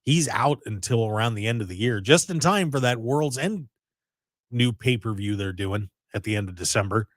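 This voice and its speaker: A man hosting a casual radio talk show, telling stories in an animated, teasing way. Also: fairly low pitch, normal speed, no echo, studio quality. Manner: lively, teasing, animated storytelling.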